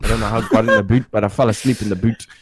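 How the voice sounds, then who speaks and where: A man's voice: lowish voice, steady tone, racing, slight background noise. A young man telling a rowdy story in casual chat, swearing freely and acting out quotes. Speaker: podcast co-host.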